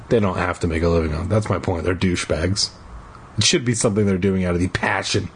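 A man's voice: fairly low pitch, big pitch swings, quick pace, slight background noise. A man hosting a podcast who reads a book aloud and breaks off into profane, self-mocking rants. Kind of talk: comic reading with rants.

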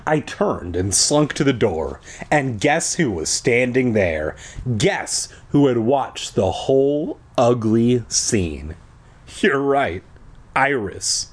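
A man's voice: mid-range voice, very animated, slow, slightly rough. A man reading a children's book aloud for comedy, adding crude asides and exaggerated delivery. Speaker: reader.

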